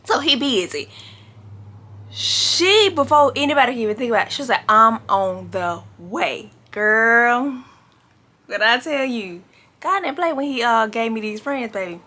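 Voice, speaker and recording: A young adult woman telling a dramatic personal story to her camera, in a lively, casual way and filling her talk with "like" and "baby". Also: on the high side, moderate pace. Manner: animated, dramatic retelling with frequent "like" and "baby".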